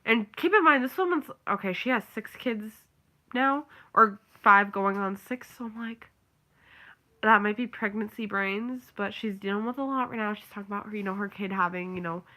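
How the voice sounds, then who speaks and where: Young woman vlogger, bright sharp tone, rambling chatty delivery with lots of fillers. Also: medium pitch, normal speed. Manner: rambling, filler-heavy, ranting. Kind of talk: casual chat.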